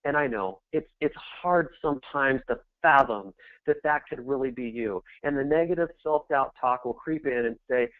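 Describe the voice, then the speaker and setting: A middle-aged man giving a motivational sales presentation, pep-talk style, swelling to shouted peaks of encouragement. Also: mid-range voice, moderate pace, no room sound. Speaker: network marketing presenter. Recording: tinny phone-like dry sound.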